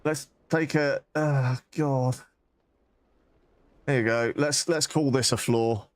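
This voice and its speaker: A man's voice: mid-range voice, normal speed, no room sound. A man streaming a game and chatting casually, rambling, swearing and mocking himself with bursts of laughter. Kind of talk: casual live-stream chat.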